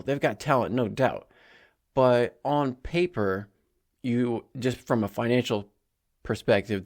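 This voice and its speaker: A man hosting a sports podcast, talking through a game in a casual, animated way with asides. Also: medium pitch. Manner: conversational, animated, with asides and small laughs. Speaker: podcast host.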